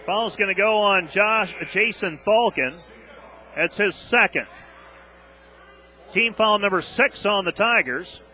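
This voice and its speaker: A man calling a college basketball game on radio, rattling off play-by-play and getting loud on big plays, openly exasperated with the officiating. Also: high voice, slow pace, long pauses, slight background noise.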